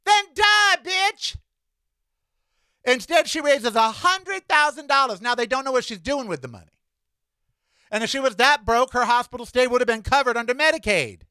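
Middle-aged American man, podcast host, campy and sassy rant, bright high voice with big swings, dry close sound. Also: expressive, brisk, clean tone, dry recording. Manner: sassy, campy, calls listeners honey and child. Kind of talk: opinionated solo podcast rant.

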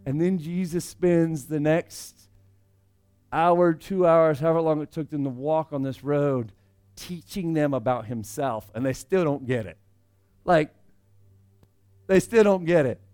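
A man preaching a conversational sermon, swinging between loud emphasis and hushed asides. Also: on the high side, unhurried, long pauses, smooth, faint music behind. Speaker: pastor.

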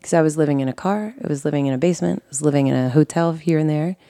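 Her voice sits low and dark, and the recording has no echo. Guest-hosting a podcast, she shares her life story with earnest emotion, catching herself and restarting sentences often.

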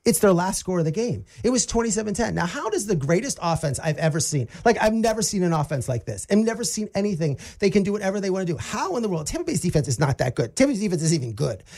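Fast, high-voiced excitable man. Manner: excited, incredulous, rambling recap. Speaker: podcast co-host. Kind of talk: casual sports chat.

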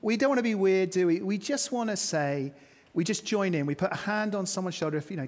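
A man's voice: high voice, animated, fast talker. A man preaching a sermon to his congregation, chatty, with self-mocking asides. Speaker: pastor. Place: church hall. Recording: long reverb of a church hall.

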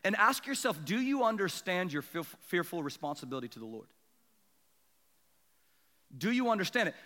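A man's voice: high voice, normal speed, big-room sound. A young adult male pastor preaching a sermon, telling stories and checking in with the congregation with frequent asides. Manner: animated storytelling with congregation asides.

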